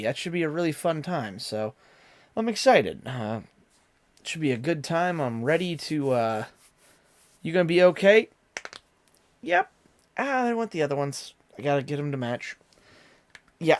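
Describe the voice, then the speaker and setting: A man streaming live who chats casually with his viewers, rambling and filling pauses with lots of ums and uhs. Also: mid-range voice. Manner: rambling and talkative, many fillers.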